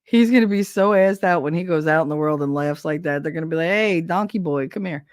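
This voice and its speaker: A woman's voice: sits low, fairly even intonation, fast, darkish tone, clear, resonant tone, dry recording, clean studio sound. A woman hosting a live stream in casual chat, telling profane stories and laughing often. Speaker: streamer host.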